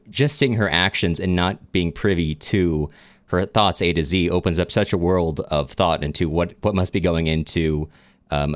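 A man co-hosting a book podcast, talking thoughtfully with halting restarts. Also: deep voice, no room sound. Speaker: podcast co-host. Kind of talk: casual book discussion.

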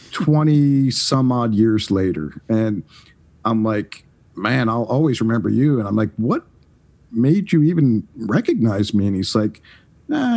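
A husky-voiced man in his forties tells stories as a podcast guest. He talks in a lively, chatty way, stumbling over words and starting phrases again. His pitch sits in an ordinary middle range. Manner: animated, halting with restarts. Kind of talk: casual storytelling.

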